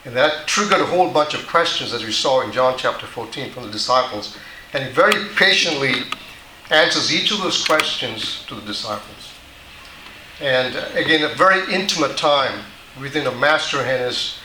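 Bright-voiced man preaching in an echoey hall. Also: medium pitch, a little hiss or hum. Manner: patient, repetitive teaching with frequent restarts. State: dry mouth. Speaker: pastor. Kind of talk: sermon.

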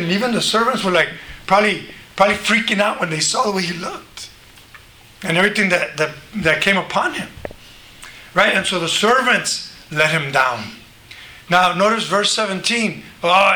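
Guy preaching a sermon, high bright voice, lively, roomy echo with some hiss. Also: moderate pace. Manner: conversational, animated, acts out quoted voices. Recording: echoey room, faint noise.

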